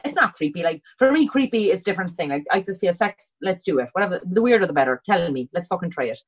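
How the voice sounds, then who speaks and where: Animated Cork Irish woman. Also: on the low side, fast talker, poor audio. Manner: animated, swears freely, acts out dialogue. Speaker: podcast guest. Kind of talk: casual chat, storytelling.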